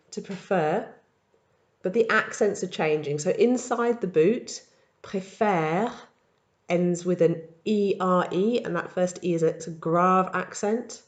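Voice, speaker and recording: A woman teaching in a recorded language tutorial, explaining verb patterns step by step and modelling each form slowly. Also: lowish voice. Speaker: French teacher.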